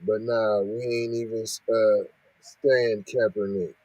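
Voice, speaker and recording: A man reads out news and keeps cutting in to scold, firing off rhetorical questions. His voice is dark and husky. It is recorded dry and close. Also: lowish voice, flat delivery, takes it slowly, no room sound, muffled recording. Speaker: podcast host reacting to news. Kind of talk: reading and ranting commentary.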